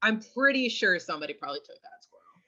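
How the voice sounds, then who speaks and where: A woman's voice: mid-range voice, lively intonation, quick pace, sharp tone. A young adult woman co-hosting a casual podcast, telling stories in a chatty way and acting out quotes with little squeals. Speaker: podcast co-host. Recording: dull lo-fi sound.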